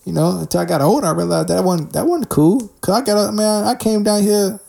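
A man's voice: sits high, a little fast, gravelly, mellow. A young man giving a candid spoken testimony about his faith, in street slang, often restarting and calling the listener man or bruh. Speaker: Christian speaker sharing testimony.

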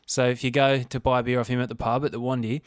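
Man, smooth clear voice, dry close mic, blunt friendly advice. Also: medium pitch, little pitch movement, quick pace, no echo. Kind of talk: casual chat.

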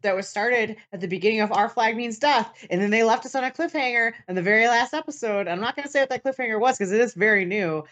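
A woman who writes novels, co-hosting a casual book podcast, blunt and swearing freely with quick asides. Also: a little high, fairly bright tone. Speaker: podcast co-host, author. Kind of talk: casual chat about books.

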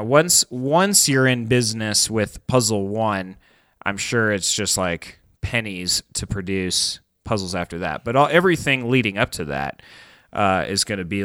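Low, smooth-voiced rambling podcast host. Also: male voice, fairly bright tone, dry recording. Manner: rambling, filler-heavy, enthusiastic. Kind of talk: casual podcast chat.

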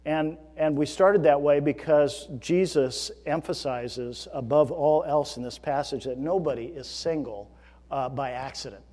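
A man's voice: fairly high pitch, dark tone. A man preaching an earnest, emphatic sermon as pastor, with frequent fillers and restarts. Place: church sanctuary. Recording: long reverb of a large hall.

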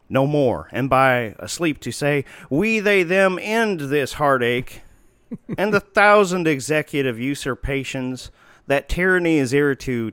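A man's voice: mid-range voice, a bit bright, clean tone, no room sound, pitched above the performer's own voice. A man performing a melodramatic brooding hero in an overblown theatrical dramatic reading.

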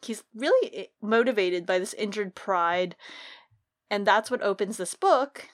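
A woman co-hosting a casual book podcast, giving animated, opinionated rants about the characters. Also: medium pitch, a little slow. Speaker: podcast co-host. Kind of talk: casual book-club chat.

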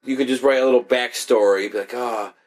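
A man's voice: mid-range voice, fairly even intonation, fast. A young man co-hosting a casual chat, telling rambling stories full of swearing and laughter. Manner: profane, laughing, rambling storyteller. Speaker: podcast co-host.

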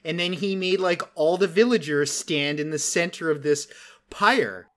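Animated storytelling man, fairly high voice. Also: a little slow. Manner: animated, lots of "like" fillers. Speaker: podcast host and game master. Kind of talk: casual storytelling chat.

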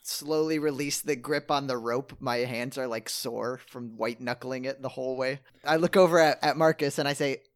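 A man playing a tabletop game, describing his character's actions in a halting way. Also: mid-range voice, steady tone. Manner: halting, with restarts. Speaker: player.

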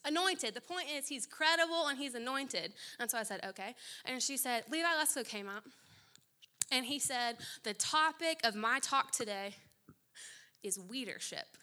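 Young woman preacher, lively storyteller, bright tone. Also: sits high. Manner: animated storytelling with quick asides. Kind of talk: sermon.

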